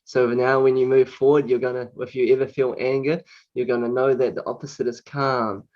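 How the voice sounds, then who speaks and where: A man coach leading a guided anger exercise, slowly repeating single words over and over. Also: medium pitch, little pitch movement, darkish tone, highs cut off. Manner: slow, repetitive chanting of single words.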